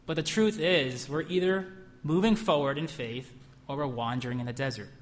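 A man's voice: a little high, normal speed. A man preaching a sermon in a church, emphatic, asking the room questions and acting out whispered lies. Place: church hall. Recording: long hall reverb.

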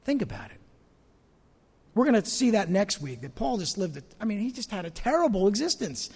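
A male pastor preaching a sermon, asking his congregation rhetorical questions and swinging between loud emphasis and hushed asides. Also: high voice, very animated, brisk, breathy edge, in a large hall.

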